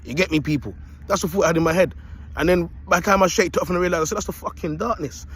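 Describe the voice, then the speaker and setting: A man's voice: fairly high pitch, racing, slight background noise. A man vlogging outdoors in a park into a phone, streetwise and preachy, in a casual motivational style. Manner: streetwise and preachy, repeats "you get me".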